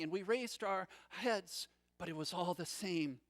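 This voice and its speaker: A man preaching a sermon as a first-person story, dramatic, swinging from loud passages to hushed, low ones. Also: lively intonation, unhurried. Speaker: pastor.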